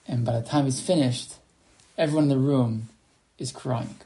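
Guy giving a torah class on a video call, mellow kinda dark voice, lots of uh and you know. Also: medium pitch, moderate pace. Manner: storytelling with many fillers and restarts. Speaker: Torah teacher. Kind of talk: online class lecture.

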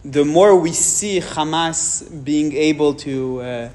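A man's voice: fairly high pitch, darkish tone. French-accented man speaking frankly. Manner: frank, measured, with hesitations. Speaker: speaker answering questions. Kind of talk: public talk with questions.

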